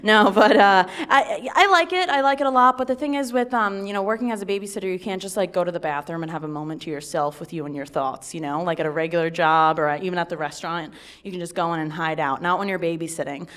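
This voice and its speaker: Energetic woman doing stand-up. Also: fairly low pitch, quick pace. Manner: energetic, loud squealing impressions of kids and men. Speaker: stand-up comic. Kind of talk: stand-up set. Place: comedy club stage with audience. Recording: faint audience laughter.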